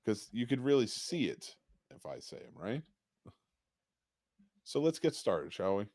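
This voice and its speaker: A man's voice: lowish voice, sing-song, unhurried, darkish tone, no echo, clean studio sound. A man hosting a live stream, chatting casually and joking with a laugh in his voice. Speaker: stream host.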